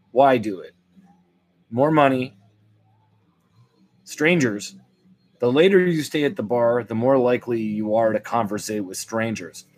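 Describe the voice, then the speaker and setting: An older man hosts his own show with a rambling, wry comic monologue. His voice sits at an ordinary middle pitch, and he wanders from thought to thought. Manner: rambling, wry, animated swings into quoted voices. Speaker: podcast host. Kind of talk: solo comedic monologue.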